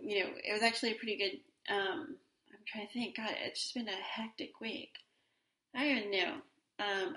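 A woman's voice: medium pitch, pushed and bright, echoey room. A woman in her forties hosting a solo podcast in a casual, rambling way, with many fillers and restarts. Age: 40s. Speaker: podcast host.

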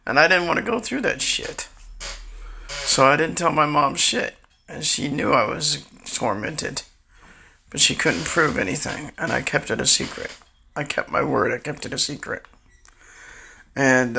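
Older man, sixties, heavy gravel and rasp, tense edge, rambling confessional delivery. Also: mid-range voice, sharp tone. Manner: rambling, confessional, restarts often. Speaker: storyteller recounting his life. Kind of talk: candid personal monologue.

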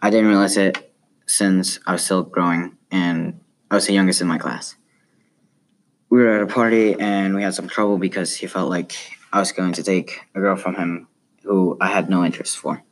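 A man's voice: low voice, steady tone, normal speed. A man from South America, a Spanish speaker with a light South American Spanish accent, reading a personal essay aloud in a plain, earnest way. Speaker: student.

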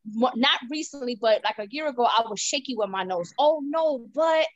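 A woman's voice: a little high, expressive, a little fast, a bit bright, no room sound, muffled recording. A woman in her forties chatting casually as a podcast co-host, blunt and profane, telling stories about her own life. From United States. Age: 40s. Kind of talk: casual chat.

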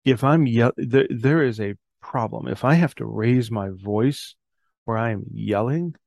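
A middle-aged podcast host speaks earnestly about fatherhood and faith, reading scripture aloud and correcting himself as he goes in this reflective faith talk. His voice is medium in pitch, gravelly yet a little mellow, and a little slow, with no room sound at all.

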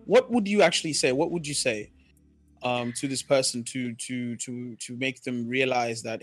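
A man's voice: medium pitch, a little fast, breathy edge, no echo. A man from India co-hosts a casual podcast, spinning anecdotes with energy. His voice sits in a middle register. He jumps into other people's voices as he tells the story, with faint music underneath. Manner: animated storyteller, acts out quoted voices. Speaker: podcast co-host.

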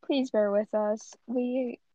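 A woman's voice: fairly high pitch, fairly even intonation, slow, dark tone, dry recording. A young woman ranting casually on her vlog, blunt and profane with lots of rambling asides. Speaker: vlogger. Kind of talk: casual rant. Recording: dull lo-fi dry audio.

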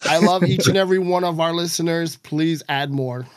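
A man's voice: fairly high pitch, moderate pace, a loud crowd. A man co-hosting a podcast, joking in a mock-dramatic way. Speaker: podcast co-host. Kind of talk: casual podcast chat.

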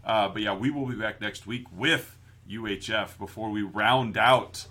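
Male podcast co-host, husky tone, bright, playful, laughs easily. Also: on the low side, a little slow. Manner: jokey, laughs often, quotes movies. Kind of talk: casual chat.

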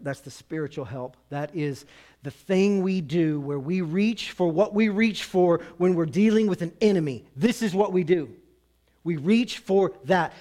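A middle-aged male pastor preaching a sermon in a conversational way, with humor and quick acted-out asides. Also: high-pitched.

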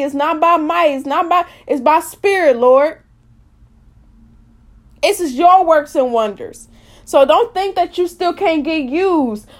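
Woman, high voice, impassioned informal sermon, repetitive, loud then soft. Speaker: preacher.

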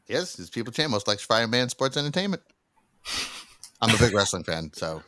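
A man's voice: on the low side, fairly quick, no echo, studio quality. A man telling stories in a casual podcast chat and acting out quotes along the way. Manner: animated storyteller, acts out quotes. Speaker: podcast guest.

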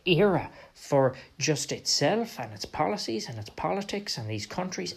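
An Irish man speaks as a podcast host in a long history monologue. He talks in an animated way and often restarts his sentences. He slips into quoted voices as he explains. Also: medium pitch.

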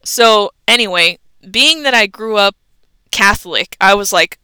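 Young woman podcast host, casual storyteller who swears freely, bright crisp voice, dry close sound. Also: mid-range voice, animated, a little slow, dry recording, rough recording. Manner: chatty and swearing freely, with laughs.

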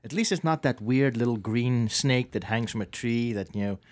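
A man from South Africa co-hosting a podcast, telling stories with lively energy and stumbling restarts. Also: medium pitch, moderate pace. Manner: lively storytelling, repeats words when starting. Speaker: podcast co-host. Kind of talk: casual chat.

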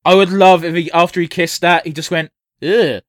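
A man with a high, light voice trading jokes over a cartoon, sweary and quick to laugh. His voice sounds dry and close, with no room around it. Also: flat delivery, fairly bright tone, smooth, no room sound. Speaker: co-host watching a cartoon. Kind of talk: casual reaction chat.

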